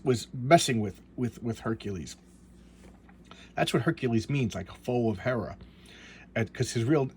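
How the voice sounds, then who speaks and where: Husky-voiced man rambling about comics. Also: mid-range voice. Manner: rambling, loose retelling with frequent restarts and asides. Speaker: comic book reviewer. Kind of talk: casual comic book review.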